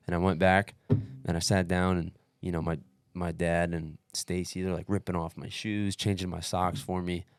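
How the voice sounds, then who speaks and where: A man's voice: sits low, normal speed, hardly any pauses, clear, resonant tone, dry recording. A man on a casual podcast telling a story, swearing freely, calling people dude and bro, and acting out what others said. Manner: profane, animated retelling with acted-out quotes; peppers speech with dude and bro. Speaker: podcast co-host recounting his race.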